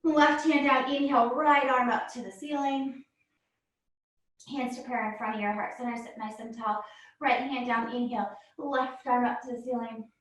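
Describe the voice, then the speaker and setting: A woman's voice: on the high side, fairly even intonation, moderate pace, a bit bright. A woman yoga instructor, a little out of breath, calling out poses and encouraging cues through a guided class. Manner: encouraging cues, frequent "good". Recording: echoey room, voice from far off.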